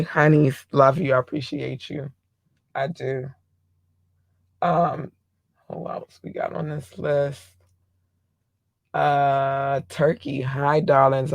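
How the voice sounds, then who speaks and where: A middle-aged man with a hoarse voice hosts a casual solo podcast, rambling warmly through shout-outs to his listeners. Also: mid-range voice, no room sound. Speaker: podcast host.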